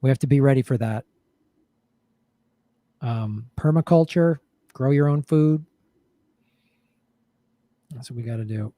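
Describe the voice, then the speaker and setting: A man's voice: medium pitch, measured pace, pauses often, dark tone, dry recording. A man hosting a casual live-stream chat, riffing jokingly and reading viewer comments aloud. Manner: jokey, riffing, reads chat messages aloud.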